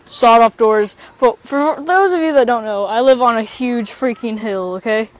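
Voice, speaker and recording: A woman chatting casually in an outdoor vlog, rambling and excitable, recorded on a handheld phone. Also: on the high side, moderate pace. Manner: excitable, rambling, bursts into yells. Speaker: vlogger. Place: outdoors on a hill.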